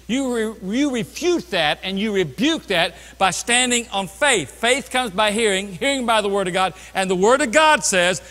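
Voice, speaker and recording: A man preaching a sermon as pastor, swinging from loud bursts down to quiet, low passages. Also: expressive, moderate pace, long reverb tail. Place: church sanctuary.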